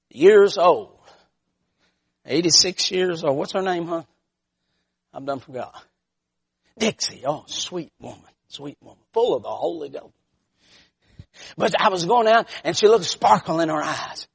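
A man preaching a sermon, telling folksy stories and swinging from shouted peaks to hushed, quiet lines. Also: high voice, gravelly, husky. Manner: folksy storytelling.

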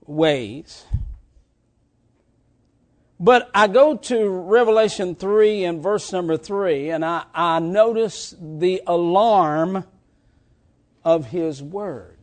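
A man preaching a sermon, swinging between shouted lines and quiet, drawn-out ones. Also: high voice.

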